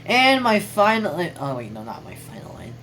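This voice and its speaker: A woman's voice: mid-range voice, sing-song, normal speed, a bit bright, a little hiss or hum, rough recording. A woman casually reading out and joking about lines from a class quote journal, chatty, rambling and swearing now and then. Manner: chatty, jokey, swears casually, trails off mid-sentence.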